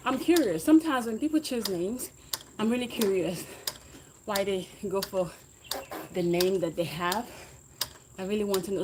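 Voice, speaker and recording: A woman's voice: medium pitch, moderate pace, pauses often, noisy background. A woman livestreaming while she exercises, chatting with viewers and cheering them on to keep going. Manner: encouraging, motivational, talks while exercising on a bike. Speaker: livestreaming fitness vlogger. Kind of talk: casual livestream chat with viewers.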